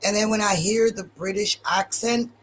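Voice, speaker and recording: A woman's voice: mid-range voice, moderate pace, slight background noise, poor audio. A woman, speaking English as an in a live debate, blunt and casual with swearing. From Germany. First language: German. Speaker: debate panelist.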